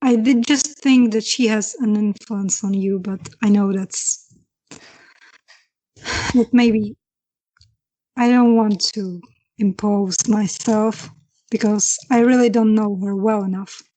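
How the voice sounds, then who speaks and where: A woman speaking in character during a tabletop role-play session. She talks slowly and hesitantly, restarting her sentences as she searches for words, in a mid-range voice. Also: mid-range voice, steady tone, mellow, rough recording. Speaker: player.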